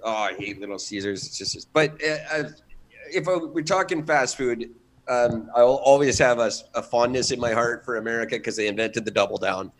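A Canadian man co-hosting a podcast, making wry, deadpan jokes in casual chat. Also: medium pitch, moderate pace, low-quality recording. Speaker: podcast co-host.

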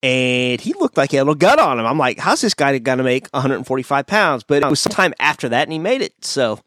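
Speaking quickly in a medium, sing-song, fairly bright voice, a podcast host gives his blunt, opinionated fight picks in a casual video-call chat. He goes through fighters' records, with a little hiss or hum audible.

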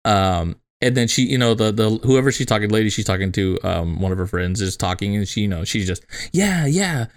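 A man's voice: lowish voice, steady tone, brisk, smooth. Laid-back young guy telling stories. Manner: laughs often, swears, loose storytelling with acted quotes. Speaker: podcast co-host. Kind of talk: casual chat.

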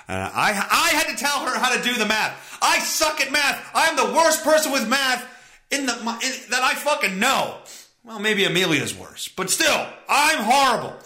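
A man's voice: extremely high pitch, very animated, moderate pace, bright, forceful tone. A man hosting a podcast, telling a story as a profane, exasperated rant and laughing often. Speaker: podcast host. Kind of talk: ranting comedic storytelling.

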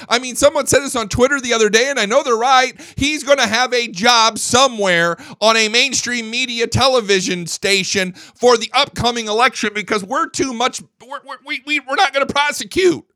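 A man's voice: very high voice, normal speed, few pauses, sharp tone, no room sound, studio quality. A man hosting a political commentary show, ranting indignantly, swearing freely and stumbling over repeated words when worked up. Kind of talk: opinionated political monologue.

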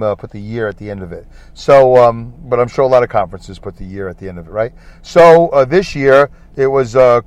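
Sitting in a parked car, a podcast host with a Brooklyn accent and medium-pitched voice rambles on his own, poking fun at himself and going over the same points again. The sound is dry.

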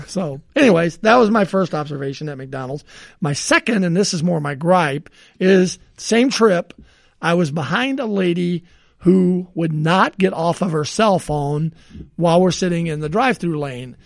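A man co-hosting a podcast, telling rambling everyday stories in a relaxed chat and chuckling often. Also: on the high side, normal speed, creaky, no echo, clean studio sound. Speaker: podcast co-host.

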